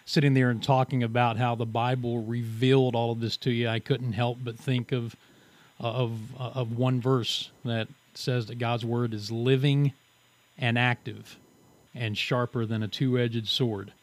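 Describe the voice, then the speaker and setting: A man's voice: mid-range voice, level tone, a little slow. A man hosting a podcast, responding reflectively with a few stumbling restarts. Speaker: podcast host. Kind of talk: casual interview.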